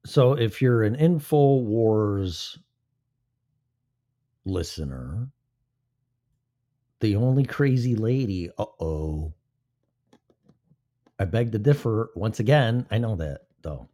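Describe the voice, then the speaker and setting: A man's low, animated voice comes slowly and with frequent pauses, dark in tone, as he hosts a live-stream show. Rambling and foul-mouthed, he's filling time, mic positioned at the side of his mouth.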